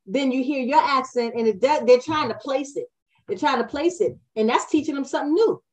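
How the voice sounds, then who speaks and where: A woman hosts a podcast interview in a casual, chatty way and laughs easily as she talks. Her voice sits a little higher than most women's. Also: a little fast. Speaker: podcast host.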